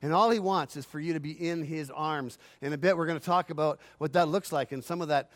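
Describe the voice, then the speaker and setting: A man pastor preaching a sermon, swinging from loud swells to quiet asides and acting out imagined voices. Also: on the high side, a little fast. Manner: acts out imagined phone calls in a grumbling aside voice.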